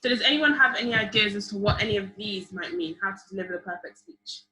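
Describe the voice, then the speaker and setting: A young woman teaches public speaking to a group over a video call. Her bright voice stays lively and encouraging as she keeps asking the class for ideas. The call audio sounds roomy. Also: medium pitch, quick pace, faint music behind. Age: young adult. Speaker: public speaking workshop leader. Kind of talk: online seminar teaching.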